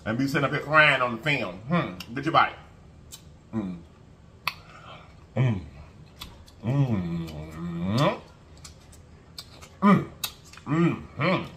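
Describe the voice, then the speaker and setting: A man's voice: medium pitch, big pitch swings, drawn-out words, pauses often, fairly bright tone, slight background noise. A man hosting an eating show, chatting casually to his viewers and humming as he eats. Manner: chatty, folksy, keeps addressing viewers, hums while eating. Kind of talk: casual mukbang chat to viewers.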